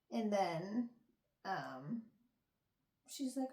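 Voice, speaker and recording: A woman's voice: on the high side, lively intonation, slow pace, long pauses, dark tone. A young woman hosting a casual book review chat, giggling and acting out the characters' lines. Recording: echoey room.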